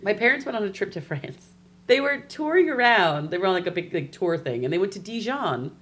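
A woman co-hosting a podcast in easy, casual chat. Her voice is bright and forward, and her pitch swings widely as she tells jokes with lots of animation. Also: brisk. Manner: animated joke-telling. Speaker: podcast co-host.

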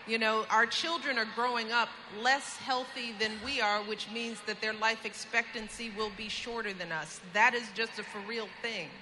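A woman's voice: fairly high pitch, steady tone, normal speed, hardly any pauses. Earnest woman guest in a noisy clip. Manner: earnest, emphatic. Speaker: interview guest. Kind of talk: on-stage interview. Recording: noisy clip played back.

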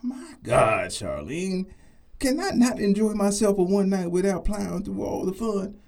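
A man's voice: high voice, big pitch swings, unhurried, gravelly, a little mellow, heavily acted. An actor playing a man on a diet who tells rambling stories full of "uh"s and gets defensive about dessert.

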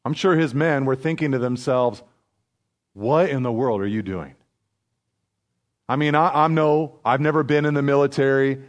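A pastor preaches in a relaxed, conversational style and speaks at a middle pitch. He lifts his voice to press a point, then drops low and quiet. Now and then he adds a quick aside. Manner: conversational preaching, rising for emphasis then dropping soft; laughs lightly, quick asides. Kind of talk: sermon.

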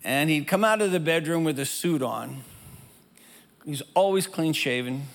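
An older pastor from a German family tells a rambling, self-deprecating childhood story as a sermon, restarting often. His slightly high voice is expressive at a moderate pace, and the church hall echoes with music playing behind him.

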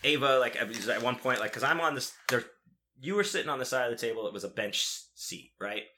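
A young man in casual chat, telling a profane, animated story and acting out what people said. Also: medium pitch, brisk, background noise.

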